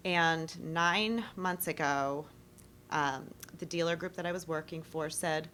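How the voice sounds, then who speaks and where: A woman's voice: deep voice, measured pace, a bit bright, slight background noise. A middle-aged woman from Maryland, a podcast guest chatting easily and laughing often. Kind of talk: casual interview chat.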